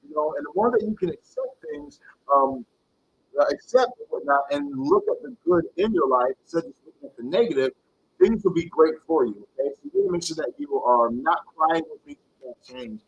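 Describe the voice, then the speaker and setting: A man with a high, husky voice that has a gravelly edge, doing a live-streamed tarot reading. His pitch swings widely as he greets viewers, calls them baby and urges them on in loose slang. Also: wildly swooping pitch, brisk, highs cut off. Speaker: tarot reader.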